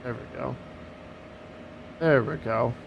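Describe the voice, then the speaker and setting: A man's voice: mid-range voice, slow pace, gravelly, lo-fi sound, a little hiss or hum. A man streaming a flight sim, chatting casually and joking while he talks through each step of the cockpit setup. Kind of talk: casual live-stream commentary.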